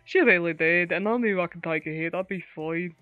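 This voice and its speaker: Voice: mid-range voice, brisk, no room sound, narrow, tinny audio, soft background music. A player narrating their character's actions in a tabletop role-play, rambling with many fillers and frequent laughter.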